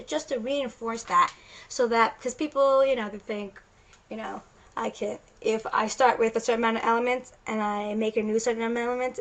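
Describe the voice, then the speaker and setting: A woman's voice: a little high, a bit bright, poor audio. A woman science teacher giving a casual recorded lecture, explaining chatty and loose with frequent restarts.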